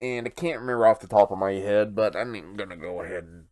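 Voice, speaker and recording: A man's voice: on the low side, a little fast, a little mellow. A man hosting a reaction video, rambling casually in late-night commentary. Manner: rambling, chuckling, tired late-night talk.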